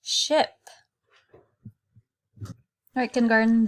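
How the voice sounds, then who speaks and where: Slow, patient kindergarten teacher woman. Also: mid-range voice. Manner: slow, patient, sounds words out. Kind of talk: recorded phonics lesson for young children.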